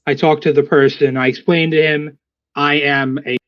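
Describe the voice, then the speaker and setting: A man's voice: a little high, level tone, normal speed. A man playing in a tabletop game, chatty and rambling, often interrupting himself. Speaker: player. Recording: dry, dull lo-fi sound.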